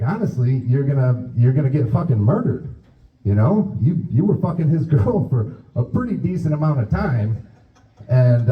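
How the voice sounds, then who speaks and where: A man doing stand-up, telling a rambling, profane story and acting out both sides of the conversation. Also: mid-range voice. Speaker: stand-up comedian. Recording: roomy, distant, dull club recording.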